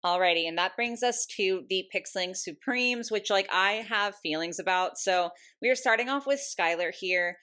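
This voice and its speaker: A young woman vlogging about her doll collection in an excited, chatty way, full of fillers and little laughs. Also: medium pitch, normal speed, hardly any pauses. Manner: gushing, chatty, lots of "like" and laughs. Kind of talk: casual ranking vlog.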